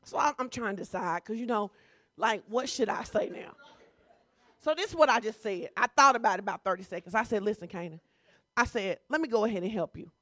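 A woman's voice: medium pitch, lively intonation, a little fast, a bit bright, no room sound, studio quality. A woman pastor preaching a sermon in a conversational, teasing way.

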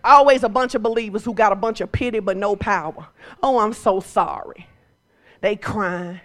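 A woman preacher delivering a sermon, moving from quiet storytelling to shouted exhortation. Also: medium pitch, brisk.

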